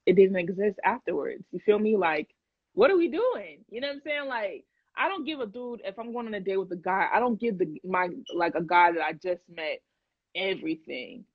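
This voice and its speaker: A woman's voice: medium pitch, expressive, moderate pace, breathy edge, no echo. A young woman hosting a livestream, chatting casually and animatedly with viewers in slangy talk, laughing often. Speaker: livestream host. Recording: dull lo-fi dry sound.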